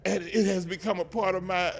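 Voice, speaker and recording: At an indoor event, a Nashville guest (an older man with a Southern accent) trades playful teasing with a TV show host in casual interview chat. His creaky voice sits high, with fairly even intonation and a fairly quick pace.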